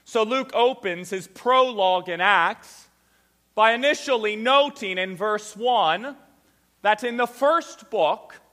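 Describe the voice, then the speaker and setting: A man preaches with a high, bright, forceful voice, driving his points home and repeating them slowly for emphasis. His voice rings out in a church sanctuary with long reverb. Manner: quiet, subdued prayer. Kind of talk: sermon with scripture reading and prayer.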